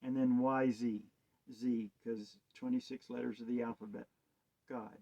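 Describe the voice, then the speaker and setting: A man's voice: medium pitch, level tone, measured pace, gravelly, dark tone. A man giving a rambling, hesitant monologue on wordplay and scripture, asking musing rhetorical questions. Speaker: self-styled preacher. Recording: dull lo-fi sound.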